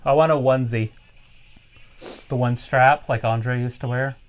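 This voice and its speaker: A man's voice: mid-range voice, steady tone, a little slow, smooth. A man co-hosting a live stream in casual chat, joking and teasing his co-host.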